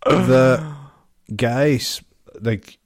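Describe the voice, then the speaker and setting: A man's voice: medium pitch, extremely slow, no echo, studio quality. A young man, co-hosting a casual podcast chat, rambling and swearing freely as he talks. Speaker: podcast co-host.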